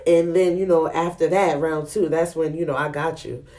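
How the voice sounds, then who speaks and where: Animated, slangy woman podcast host. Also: low voice, moderate pace, slight background noise. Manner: animated, slangy, laughs while telling a story. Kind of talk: casual storytelling chat.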